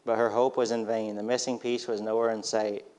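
A man reading a storybook aloud in a steady, gentle manner. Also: lowish voice, fairly quick.

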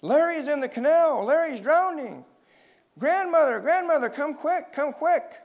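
A man's voice: high voice, measured pace, voice pushed up. Man doing a cautious, worried young boy. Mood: panicked shouting. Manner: anxious, warning.

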